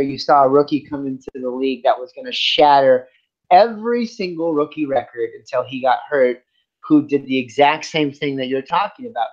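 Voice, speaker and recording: A man co-hosting a sports podcast, making long rambling points in casual debate and often restarting his sentences. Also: medium pitch. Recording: dull lo-fi sound.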